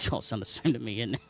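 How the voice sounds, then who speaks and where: A man's voice: on the low side, creaky, a bit bright. A man with a Southern US accent chatting casually and jokingly while streaming a game live. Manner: chatty, joking, talks to his cat and chat.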